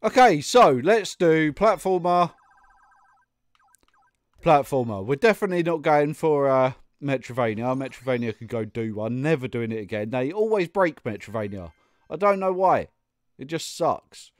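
A man's voice: mid-range voice, moderate pace, dry recording. A young man commentating his own gameplay, muttering and getting exasperated, with sudden outbursts and laughs. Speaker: gaming YouTuber. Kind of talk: let's play commentary.

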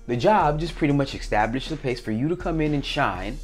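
A man vlogging casually to his viewers, animated and acting out little scenes in different voices. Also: medium pitch, a little fast, soft background music. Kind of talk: casual talk to camera.

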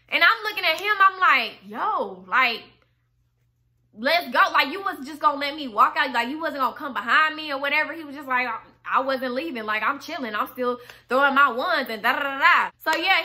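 Bright, high-voiced woman telling a story. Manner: animated, swearing, slangy, retells her own angry lines. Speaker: storytime vlogger. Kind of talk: casual storytelling to camera.

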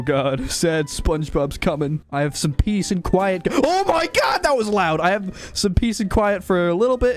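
A young man hosting a gaming channel, commenting on his gameplay in an excitable way and yelping and shrieking when startled. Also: on the high side. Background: game music and sound effects.

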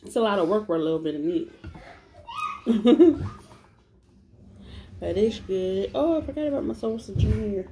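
A woman eats on camera and talks easily to her audience, her voice sitting at a middle pitch. She hums and smacks between bites. Steady household noise and a crying baby run under her voice throughout the recording. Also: moderate pace, long pauses. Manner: chatty, addresses viewers as y'all, smacks and hums while eating. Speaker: food vlogger. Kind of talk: mukbang eating vlog, casual chat. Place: at home with her family. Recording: noisy home recording.

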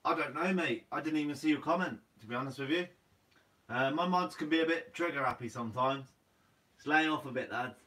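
Laid-back young Guernsey man, bright voice. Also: a little high, brisk, far from the mic, rough recording. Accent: Guernsey English. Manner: laid-back, says "mate" a lot. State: sleepy. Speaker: fishing channel host. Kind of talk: casual live Q&A reading comments.

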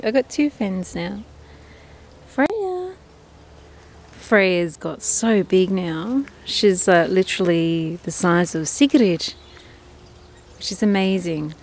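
This Australian duck keeper records her flock outdoors in a backyard, chatting affectionately and casually as she goes. Her pitch is fairly low and her tone darkish, with faint outdoor background noise.

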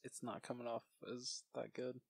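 A man's voice: mid-range voice, completely flat delivery, moderate pace, vocal fry, slightly rough, dry recording. A young man co-hosting a podcast, chatting casually and mostly agreeing with short replies. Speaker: podcast co-host. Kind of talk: casual film review chat.

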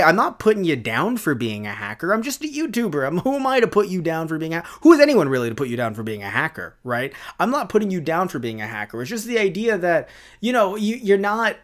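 A man's voice: high voice, very animated, fast. A male YouTuber giving a ranting commentary, exasperated and emphatic, repeating words for effect.

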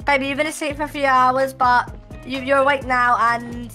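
A woman's voice: sits high, steady tone, moderate pace, sharp tone, soft background music. A woman playing a mother in a game role-play, frantic and crying out. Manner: frantic, cries out. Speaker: co-player.

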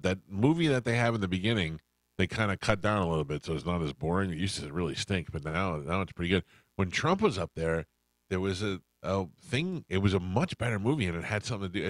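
A middle-aged man hosts a radio show, rambling through a story and playing every person in it. His voice sits very low. The studio sound is dry and close. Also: lively intonation, fast talker, no echo. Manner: rambling anecdotes, acts out quoted voices. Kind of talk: casual storytelling chat.

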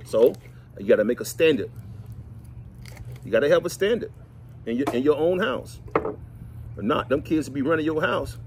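Lively storytelling man outdoors. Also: a little high, normal speed, long pauses, a little hiss or hum. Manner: folksy, animated, preachy asides. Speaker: vlog host. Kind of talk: casual storytelling chat. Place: outdoors at home cleaning fish.

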